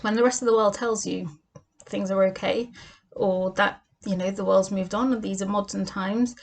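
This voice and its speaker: A woman's voice: mid-range voice, steady tone, normal speed, vocal fry. A woman giving a weekly Torah portion lesson, earnest and full of rhetorical questions. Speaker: Torah teacher.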